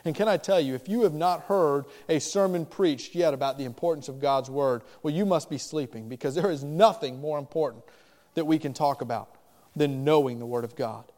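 A pastor preaching a sermon, with animated, emphatic delivery and rising questions. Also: male voice, on the high side, a little fast, in a large hall.

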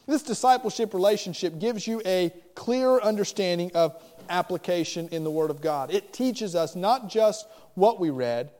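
A pastor preaching a sermon, with animated, emphatic delivery and rising questions. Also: male voice, high-pitched, in a large hall.

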